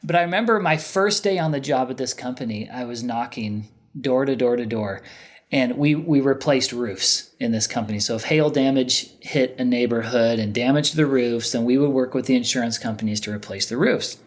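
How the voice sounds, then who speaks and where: Animated man telling a story. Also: medium pitch, normal speed. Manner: animated storyteller who acts out other people's lines. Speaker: podcast guest. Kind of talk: candid storytelling in casual conversation.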